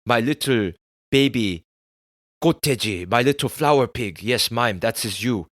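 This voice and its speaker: A man doing a higher, fussy old immigrant dad voice that dotes and scolds in broken English. the sound is dry and close, with no room echo. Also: animated, measured pace, a bit bright. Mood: doting, fussing. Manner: broken English, fussing and coaxing.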